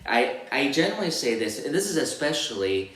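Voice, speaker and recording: A man giving a casual guitar lesson, counting beats and singing rhythms as syllables in a relaxed, rambling way. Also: mid-range voice, fairly quick. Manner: sings rhythms as syllables while demonstrating on guitar; relaxed, rambling explanations with restarts. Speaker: guitar teacher. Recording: roomy room with loud guitar playing.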